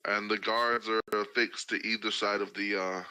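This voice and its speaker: Halting game master, bright voice. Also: male voice, on the low side, flat delivery, smooth, low-quality recording. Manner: halting, many fillers and restarts. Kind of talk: narrating a tabletop game.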